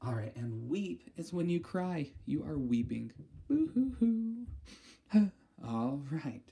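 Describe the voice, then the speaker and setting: A woman speech therapist leading a listening lesson, enunciating each target word slowly and carefully, with a patient, encouraging tone. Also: a bass voice, animated, vocal fry, dark tone. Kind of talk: auditory discrimination lesson for children.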